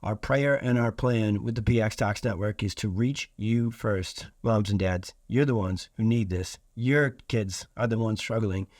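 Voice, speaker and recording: A man's voice: fairly low pitch, a little slow, few pauses, a little mellow, no room sound, clean studio sound. Earnest man hosting a podcast. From Iowa. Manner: earnest, emphatic, repeats phrases for stress. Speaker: podcast host. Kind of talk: solo podcast monologue.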